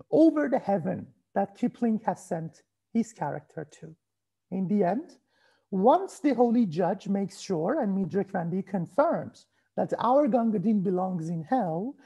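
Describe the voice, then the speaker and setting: Mellow, husky-voiced male lecturer. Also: high-pitched, dull audio. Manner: measured, formal delivery that asks for slide changes. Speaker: university lecturer. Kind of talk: reading a prepared academic lecture. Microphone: video call.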